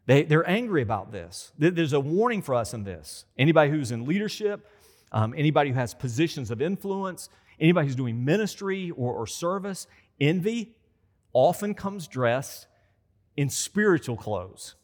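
A man's voice: on the high side, big pitch swings, normal speed. A man preaching a conversational sermon as a pastor. He repeats phrases for emphasis and acts out quoted voices. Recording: long hall reverb.

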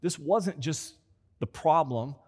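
A man's voice: fairly high pitch, expressive, takes it slowly, a little mellow, husky. Man, pastor, sermon, conversational, repeats phrases, long hall reverb. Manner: conversational preaching, acting out quoted voices, repeating phrases for emphasis.

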